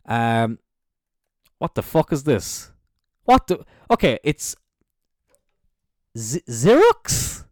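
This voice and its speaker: An Irish man, a young adult, hosting a casual solo podcast in an animated, jokey way with plenty of swearing. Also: mid-range voice, takes it slowly, pauses often, no room sound, clean studio sound. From Ireland. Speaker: podcast host.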